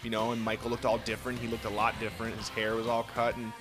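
A young man co-hosting a casual chat about a TV show, excitable and profane, often jumping into quoted voices. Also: fairly low pitch, quick pace, over music. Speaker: podcast co-host.

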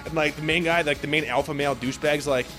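A man in casual chat, excitedly and profanely rambling through a movie recap. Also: on the high side, quick pace, soft background music.

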